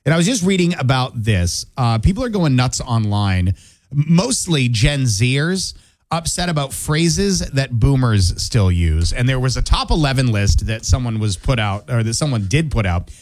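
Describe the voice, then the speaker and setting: A man's voice: mid-range voice, sing-song, moderate pace, a little mellow, no room sound. A man working as a radio DJ, chatting casually on air in a playful, joking way from a studio.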